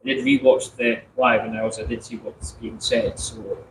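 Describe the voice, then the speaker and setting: A man's voice: mid-range voice, wildly swooping pitch, moderate pace, reverberant, poor audio. A man co-hosting a casual live vlog outdoors at a bus station, speaking in a loose, rambling way. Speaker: co-host. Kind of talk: casual live-stream chat. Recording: busy crowd noise behind.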